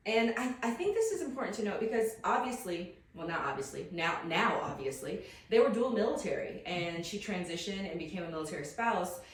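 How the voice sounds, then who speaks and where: A woman hosts a casual podcast chat in a bubbly, laughing way, often repeating herself. She sits well back from the mic, and her voice rings around a very echoey room. Her pitch is mid-range. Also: animated, fairly quick, few pauses, distant mic. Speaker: podcast host.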